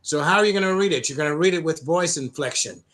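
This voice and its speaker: A middle-aged man from the United States, a program founder telling stories in an interview, with many restarts and an occasional cleared throat. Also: fairly high pitch, fairly bright tone. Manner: halting, many restarts and repeated words. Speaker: anti-bullying program founder, guest. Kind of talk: conversational interview storytelling.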